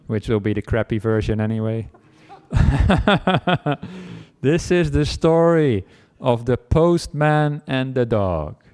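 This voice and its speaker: Playful monk telling a silly story. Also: male voice, lowish voice, darkish tone, smooth. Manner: playful, self-mocking, acts out barking and chases. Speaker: Buddhist monk teacher. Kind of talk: humorous dharma talk storytelling.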